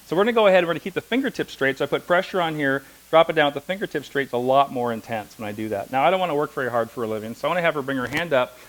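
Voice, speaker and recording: A man's voice: mid-range voice, poor audio. A middle-aged man teaching a hands-on massage class, telling stories and demonstrating as he talks. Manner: fast, anecdotal, demonstrating while talking. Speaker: massage instructor.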